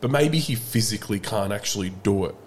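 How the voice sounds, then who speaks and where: A man's voice: on the low side, animated, a little fast, a little hiss or hum. A man co-hosting a football podcast, easygoing and agreeable, offering reflective points in casual chat. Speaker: podcast co-host.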